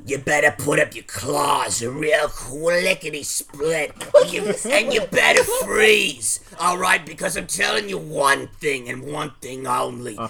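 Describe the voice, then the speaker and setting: A man putting on a menacing alien tough guy who drags out every word in a deep, gravelly drawl, swooping up and down as he threatens. Other players chatter in the background of this tabletop game. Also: very animated, heavily acted. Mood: threatening. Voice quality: gravelly, drawling celebrity impression. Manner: slow, threatening. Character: gruff alien male speaking a claw language, menacing. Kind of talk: tabletop role-play.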